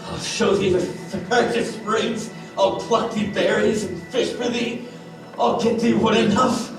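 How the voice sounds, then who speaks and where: Guy doing a grovelling brute of a monster, highish slow voice, way off in a big echoey room w music. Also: fairly even intonation. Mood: worshipful. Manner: eager, worshipful, chanting. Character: fawning brutish island monster, male, adult. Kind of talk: live stage acting. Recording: echoey, distant stage mic with music.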